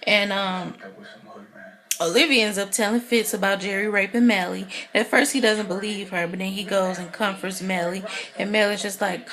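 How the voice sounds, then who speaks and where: A woman giving a casual, excitable recap of a TV episode, chatty and full of "you know" fillers. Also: medium pitch, moderate pace, a crowd in the background. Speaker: TV recap vlogger.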